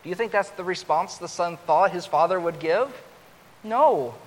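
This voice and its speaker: A man preaching a sermon, growing louder and higher as he acts out the older son's complaint. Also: normal speed. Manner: rises loud and high when acting out the older son's complaint. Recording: long hall reverb with faint hiss.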